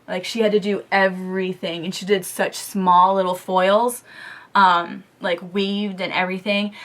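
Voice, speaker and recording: Young woman, beauty vlogger, casual chatty storytelling, filler-heavy, animated, camera mic. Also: medium pitch. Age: young adult. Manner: chatty, lots of "like" and "um"; animated storytelling, quoting others.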